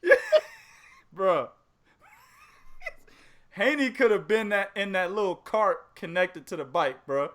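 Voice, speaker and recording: A man with a high, lively voice hosts a casual podcast chat, swinging his pitch widely as he jokes and laughs through profane trash talk. His tone is bright and sharp. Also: slow, long pauses. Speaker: podcast host.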